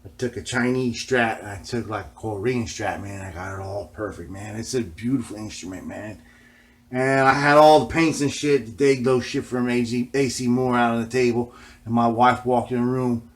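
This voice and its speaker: A man's voice: mid-range voice, steady tone, normal speed. A man vlogging in a casual, rambling way, swearing often and ending nearly every phrase with "man". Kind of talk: casual rambling vlog talk.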